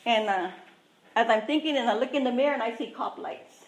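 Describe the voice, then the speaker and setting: Speaking a little high and a little fast, this woman gives a personal recovery testimony, chatty and candid, poking fun at herself with lots of asides. The echoey room recording carries a little hiss or hum.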